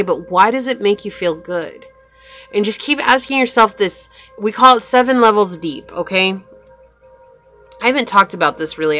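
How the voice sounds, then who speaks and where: A woman giving a pick-a-card tarot reading in a gentle, affirming and emotional way. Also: medium pitch. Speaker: tarot reader.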